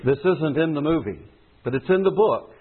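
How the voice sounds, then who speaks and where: A man's voice: on the high side, lively intonation, moderate pace, husky. A man preaching a sermon in an earnest, emphatic way. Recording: tinny phone-like sound.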